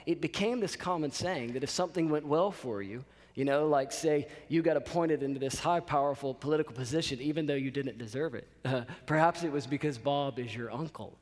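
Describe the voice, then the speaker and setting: A man in his thirties telling a lively story as a college chapel speaker, often checking in with his audience. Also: on the high side, a little fast, few pauses. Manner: animated storyteller, checks in with "okay?". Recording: reverberant chapel hall.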